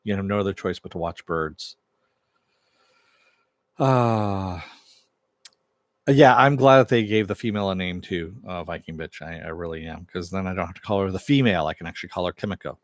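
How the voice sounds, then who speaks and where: A man's voice: deep voice, moderate pace, long pauses, no room sound. A man casually recapping a TV episode, retelling scenes loosely with lots of fillers and quoted lines. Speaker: TV show reviewer.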